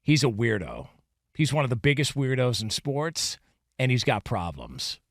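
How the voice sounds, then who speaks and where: Animated sports radio host. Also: male voice, medium pitch, moderate pace, dry recording, clean studio sound. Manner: animated, reads quotes aloud with emphasis. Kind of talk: casual sports talk radio.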